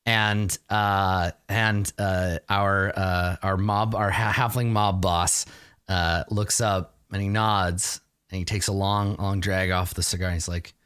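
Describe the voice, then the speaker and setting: A man's voice: deep voice, fairly even intonation, slow pace, fairly bright tone, smooth. A man narrating a tabletop game as game master, describing scenes in a casual, rambling way with many fillers.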